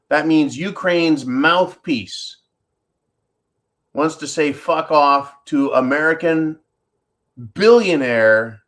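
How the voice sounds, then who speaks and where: A middle-aged man hosting a profane, sarcastic commentary monologue, talking straight to his viewers as folks. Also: mid-range voice. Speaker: channel host. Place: indoors, tropical home.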